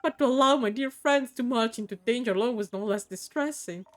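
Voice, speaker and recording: Woman voicing an undead man, put-on accent, high-pitched, dramatic, earnest, sorrowful, game dialogue. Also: brisk, natural voice. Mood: anguished. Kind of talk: reading game dialogue aloud.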